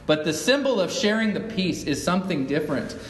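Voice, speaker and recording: A man's voice: sits high, expressive, a little fast, a little hiss or hum. Conversational male pastor in a roomy church. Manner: conversational, asks the congregation questions. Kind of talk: sermon. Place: church sanctuary. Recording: echoey hall, mic at a distance.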